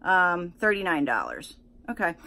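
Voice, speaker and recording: A woman beauty vlogger chatting casually through an unboxing, excitable and full of fillers and restarts. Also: fairly low pitch, moderate pace.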